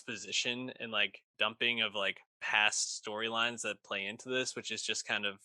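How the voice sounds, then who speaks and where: A man's voice: fairly low pitch, steady tone, moderate pace, bright, forceful tone, no room sound. A man co-hosting a pop culture podcast, chatting enthusiastically with slang and swearing. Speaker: podcast co-host. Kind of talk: casual chat.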